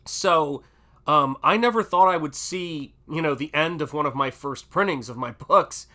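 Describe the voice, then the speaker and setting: This livestream host is a middle-aged Southern American man whose chatty, rambling talk is full of fillers. He speaks at normal speed in a slightly high voice that sounds pushed and bright.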